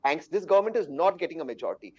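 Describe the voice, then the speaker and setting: A man's voice: on the high side, big pitch swings, very fast, slightly rough. Indignant Indian male panelist, dull feed. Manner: indignant, rhetorical arguing. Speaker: political panelist. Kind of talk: televised political debate.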